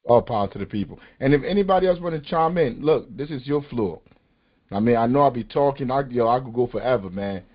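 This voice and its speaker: A man with a medium-pitched, expressive voice hosts a political podcast, talking fast. His passionate political talk is impassioned, emphatic, and street-casual, heard through muffled lo-fi call audio.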